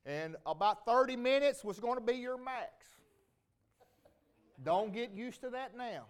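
A man's voice: extremely high pitch, animated, moderate pace, clear, resonant tone. A middle-aged man giving a rambling, folksy homecoming testimony to a church congregation. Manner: folksy, rambling, with many restarts. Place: church sanctuary.

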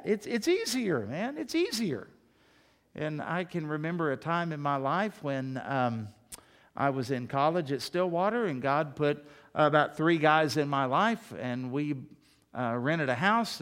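A middle-aged man preaching a sermon as pastor, emphatic, his voice climbing high when he presses a point. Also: fairly bright tone.

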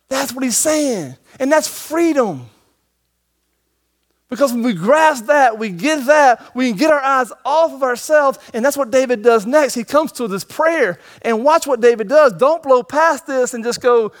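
A man preaching a sermon as pastor, moving between emphatic and hushed moments and slowing down to read scripture. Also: extremely high pitch, expressive. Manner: dynamic preaching, swings from emphatic to hushed, slow scripture reading.

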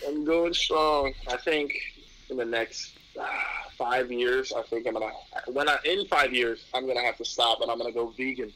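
A young man from New York answering questions in a casual interview, relaxed and rambling, with frequent restarts and laughs. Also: medium pitch, normal speed, slight background noise, poor audio. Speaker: interview guest, pro athlete.

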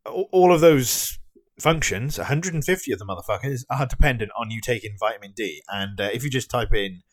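A man's voice: fairly low pitch, fast, fairly bright tone, no echo, studio quality. A young British man ranting casually into the camera, swearing a lot, sarcastic and full of fillers and restarts. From Britain. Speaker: vlogger. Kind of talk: ranting vlog.

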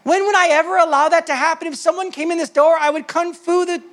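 Male pastor, passionate sermon delivery with big dynamic swings, very high voice. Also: fairly even intonation, fast talker. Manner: passionate preaching, swings from loud to soft.

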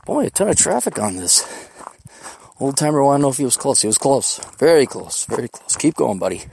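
A man's voice: mid-range voice, big pitch swings, a little fast, creaky, a little mellow, slight background noise. A man hosting a podcast in a casual, rambling monologue, profane and jokey, recorded outdoors on a mountain trail. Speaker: podcast host.

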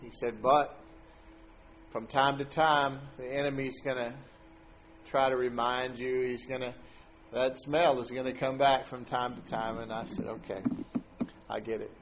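A middle-aged man recounts a personal faith experience in a relaxed, conversational way. His voice sits at an ordinary pitch and often lifts high when he acts out the people in his story. He laughs now and then as he talks. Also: unhurried, noisy background. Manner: animated storyteller who laughs as he tells it. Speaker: guest telling a faith testimony. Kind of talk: casual spoken testimony.

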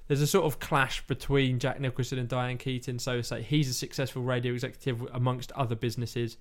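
A man's voice: medium pitch, level tone, fairly quick. A man in casual chat, retelling a film plot in a rambling way and acting out lines. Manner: rambling storytelling, acts out quotes.

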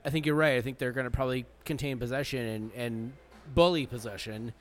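A man's voice: mid-range voice, fairly quick. A man co-hosting a sports podcast, talking casually with lots of fillers and teasing. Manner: hesitant, filler-heavy, teasing. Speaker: podcast co-host.

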